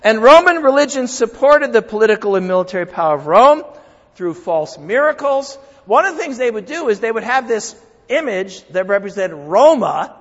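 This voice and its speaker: A man preaching a sermon as pastor, swinging between loud emphasis and quiet asides. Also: sits high. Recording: dull lo-fi sound with long hall reverb.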